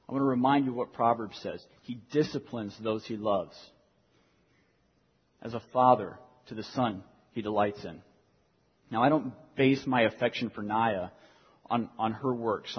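Young guy pastor preaching, earnest, repeats stuff for emphasis, kinda husky, echoey hall. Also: medium pitch. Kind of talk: sermon. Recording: dull lo-fi sound in a reverberant hall.

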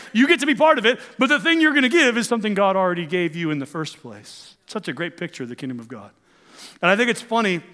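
Male pastor, sermon, chatty and emphatic, raised pitch, echoing church hall. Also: a bit bright. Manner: conversational, rhetorical questions, emphatic swings.

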